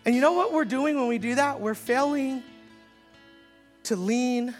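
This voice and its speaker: A male pastor preaching a sermon, dropping to slow, quiet lines and then rising to loud, fast preaching, with many repeated words and restarts. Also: extremely high pitch, faint music behind.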